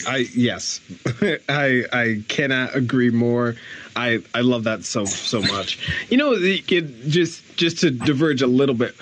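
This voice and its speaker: A man's voice: mid-range voice, fairly bright tone, low-quality recording. A man hosting a podcast in a casual interview, talking enthusiastically with frequent laughter and restarts. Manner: enthusiastic, laughs often, many restarts and "like" fillers. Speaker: podcast host.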